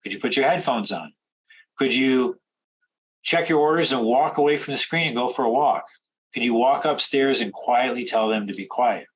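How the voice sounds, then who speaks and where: A man coaching traders in a direct instructional talk, firing off rapid questions. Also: mid-range voice, husky, rough recording. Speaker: trading coach.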